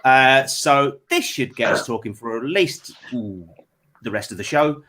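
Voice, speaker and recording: A man's voice: mid-range voice, a little slow, sharp tone. A man hosting a comedy panel show over a video call, chatting casually and reading out viewer messages with plenty of fillers.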